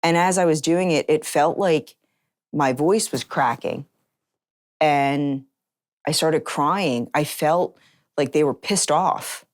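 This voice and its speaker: Very low-voiced woman telling a story. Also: slow pace, dry recording, studio quality. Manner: earnest, acts out remembered conversations. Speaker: interview guest. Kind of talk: personal storytelling interview.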